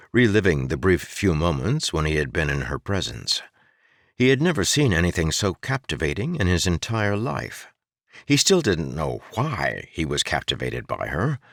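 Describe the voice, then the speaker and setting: A man reads a fantasy audiobook in a very low voice. His delivery moves expressively up and down as he tells the story. The studio sound is close and dry. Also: fairly bright tone, dry recording. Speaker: audiobook narrator. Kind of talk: scripted fantasy audiobook narration.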